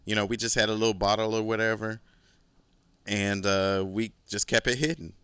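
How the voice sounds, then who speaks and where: Low-voiced man telling a rambling story. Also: level tone, moderate pace, a bit bright, clean tone, no echo. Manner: rambling and profane, heavy use of "like"; laid-back, boastful asides. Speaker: podcast host. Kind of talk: casual storytelling monologue.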